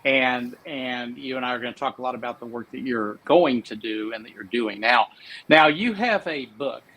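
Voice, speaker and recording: A man's voice: mid-range voice, normal speed, pushed and bright, a little hiss or hum, rough recording. A man hosting a live interview, praising his guest at length with rambling fillers. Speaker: host.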